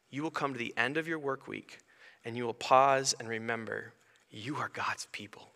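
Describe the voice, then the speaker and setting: A man delivers a sermon with a bright, forceful voice that carries a long reverb, as if heard in a church sanctuary. He preaches conversationally and slips into lively, animated asides between passages. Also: mid-range voice, creaky. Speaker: pastor.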